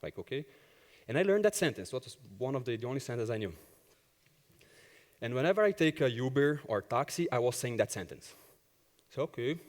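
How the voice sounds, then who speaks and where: A man's voice: mid-range voice, brisk, long pauses, big-room sound. A man who works as an agile coach gives a conference talk, telling personal stories and acting out the dialogue. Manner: animated storyteller who acts out dialogue. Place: conference hall stage.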